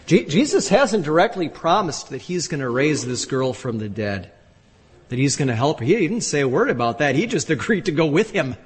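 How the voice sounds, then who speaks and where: A man preaching a sermon as a pastor, emphatic and rising to loud exclamations. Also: a little high, animated, moderate pace, slightly rough. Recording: echoey hall from a distance.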